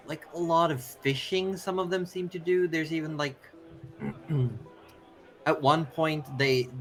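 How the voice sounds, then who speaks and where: A man's voice: mid-range voice, a bit bright. A man running a tabletop game as game master, narrating in a loose, casual way full of fillers.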